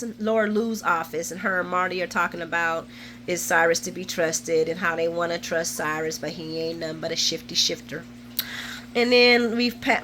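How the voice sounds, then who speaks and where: Bright-voiced woman in her forties chatting. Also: lowish voice, slight background noise. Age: 40s. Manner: chatty and colloquial, laughs often, retells scenes with feeling. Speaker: soap opera recap host. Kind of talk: casual chat, episode recap.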